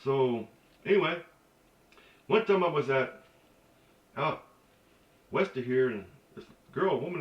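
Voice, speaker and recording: A man giving a casual spoken language lesson, halting with many fillers and restarts and dropping joking asides. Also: mid-range voice, expressive. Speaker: language teacher. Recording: echoey dull recording from a distance.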